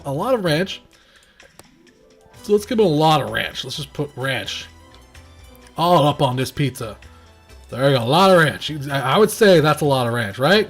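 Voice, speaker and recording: A young man rambles through a game review in a loose, conversational way, full of fillers and restarts. His pitch sits a little high and swings widely as he talks, with faint music underneath. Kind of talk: casual gameplay commentary.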